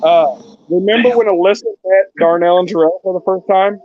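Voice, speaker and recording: A man's voice: high-pitched, a little fast, crowd noise. A man hosting a casual live chat, telling stories with lots of swearing. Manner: profane, animated storyteller. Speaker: channel host. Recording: dull lo-fi dry sound.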